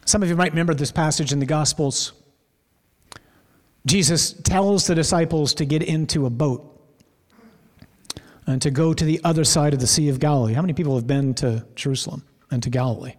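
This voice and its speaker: Male preacher, fairly high voice, storyteller who stretches words for effect, reverberant church hall. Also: fairly quick, pauses often. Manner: vivid storytelling, draws out words for emphasis. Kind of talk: sermon.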